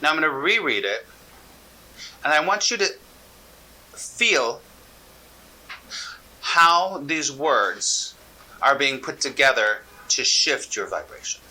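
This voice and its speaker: A man teaching about a spiritual text, speaking earnestly with slow, deliberate emphasis. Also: medium pitch, lively intonation, poor audio. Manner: soft, drawn-out reading aloud.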